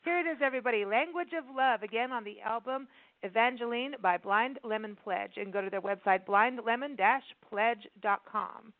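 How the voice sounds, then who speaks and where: A woman's voice: a little high, normal speed, no room sound. A woman hosting a radio show, chatting enthusiastically with her guest and laughing often. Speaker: radio host. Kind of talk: casual radio interview. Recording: tinny dry phone-like sound.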